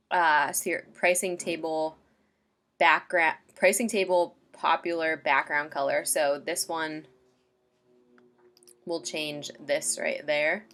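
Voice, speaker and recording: A woman's voice: low voice, steady tone, slow, pauses often, fairly bright tone. A woman casually walking a client through website templates in a screen-share tutorial, chatty and loose with lots of ums and likes.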